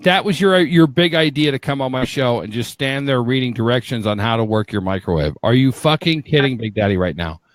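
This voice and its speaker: A man hosting a live podcast, loud and teasing, swearing freely in casual banter with his guests. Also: mid-range voice, a little fast, hardly any pauses, no room sound. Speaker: podcast host.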